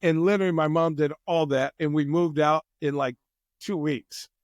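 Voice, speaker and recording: Animated, slightly higher-voiced man telling stories. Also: normal speed, dry recording, studio quality. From United States. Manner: animated storyteller who acts out quotes. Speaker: guest, wine company president. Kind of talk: casual interview chat.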